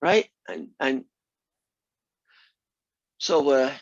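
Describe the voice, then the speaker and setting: A man teaching a math class drifts into a long, animated story, rambling and restarting as he goes. The recording is dull and lo-fi, with a dry, close sound and no room echo. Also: mid-range voice, normal speed. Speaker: college math instructor. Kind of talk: anecdote told in class.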